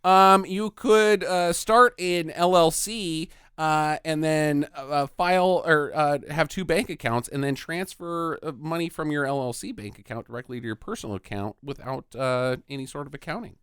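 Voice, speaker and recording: A man co-hosting a casual comedic movie review podcast, joking with quick asides. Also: a little high, fairly bright tone, clear, resonant tone, no room sound, clean studio sound. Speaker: podcast co-host.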